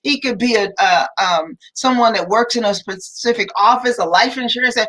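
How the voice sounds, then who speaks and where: Woman co-host, high and bright, lively storyteller on a live chat show. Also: moderate pace, low-quality recording. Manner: animated storytelling, addresses viewers as y'all. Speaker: co-host of a family talk livestream. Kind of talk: casual livestream chat.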